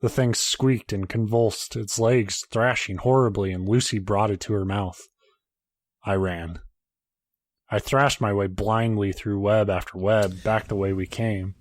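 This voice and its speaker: A man's voice: fairly low pitch, steady tone, unhurried, no room sound. A man, a podcast host, reading a horror story aloud in a casual way, now and then breaking off to joke and swear.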